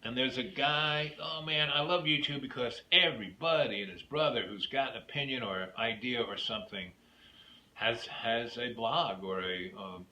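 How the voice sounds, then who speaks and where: Rambling storyteller man, bright, echoey room. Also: medium pitch, moderate pace. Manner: digressive, drifts from story into opinions. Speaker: YouTube host. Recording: echoey room with faint noise.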